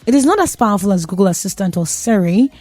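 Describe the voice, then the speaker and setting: A woman's voice: medium pitch, animated, fast talker, darkish tone, dry recording. A young woman hosting a radio show, talking about tech in a chatty, joking way and laughing at herself. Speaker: radio host. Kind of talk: casual tech talk on radio.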